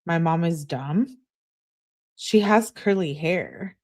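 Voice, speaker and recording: A woman's voice: on the low side, lively intonation, takes it slowly, darkish tone, full character voice. A woman reading aloud the defensive, explaining text messages of a young man to his girlfriend.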